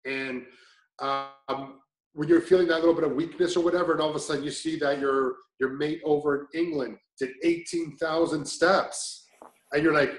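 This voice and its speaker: Brief: man, a bit high, rambling testimonial, echoey room. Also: fairly even intonation, normal speed. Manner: rambling, many restarts and fillers. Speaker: client giving a testimonial. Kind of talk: casual testimonial chat.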